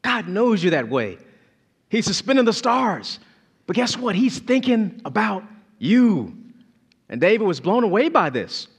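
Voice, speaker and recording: A man preaching a sermon as pastor, emphatic and animated, repeating key phrases. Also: high voice, breathy edge.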